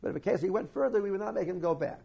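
A man giving an informal lesson on the laws of Torah reading, halting often and restarting his sentences. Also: high-pitched, lively intonation, creaky, warm tone, breathy edge. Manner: halting, many restarts and repeated words. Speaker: Torah teacher. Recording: dull lo-fi recording.

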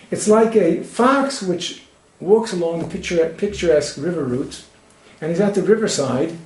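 A man's voice: high voice, normal speed, a little mellow, reverberant, low-quality recording. A man giving a Torah lecture, quoting Hebrew texts and translating them as he explains. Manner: expounds texts, quotes Hebrew then translates. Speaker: Torah teacher.

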